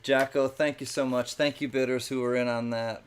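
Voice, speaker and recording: A man's voice: medium pitch, little pitch movement, moderate pace, a little hiss or hum. A man hosting a live-stream coin auction in a chatty, casual way, thanking viewers by name between calls.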